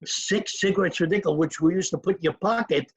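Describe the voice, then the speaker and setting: Gravelly older New man reminiscing. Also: sits high, fast, dry recording. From New York. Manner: rambling, digressive storytelling with chuckles. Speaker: interview guest. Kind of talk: reminiscing in a casual interview.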